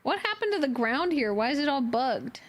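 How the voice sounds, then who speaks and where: High-voiced woman chatting on stream. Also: sing-song, moderate pace. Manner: laughs often, talks fondly to her dog. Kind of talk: casual live-stream chat.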